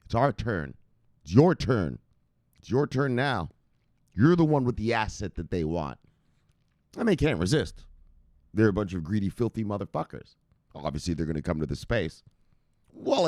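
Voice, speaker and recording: A man hosting a crypto news channel, ranting to his viewers in a profane, theatrical way that swings from loud shouts to muttered asides. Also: lowish voice, very animated, moderate pace, pauses often, no echo, studio quality. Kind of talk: fired-up rant to viewers.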